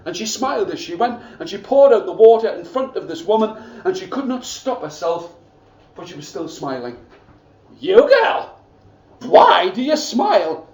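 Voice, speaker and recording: A man storytelling to schoolchildren in an expressive way, asking them to join in, recorded from far off in an echoey school room. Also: high-pitched. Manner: expressive, asks the audience to join in.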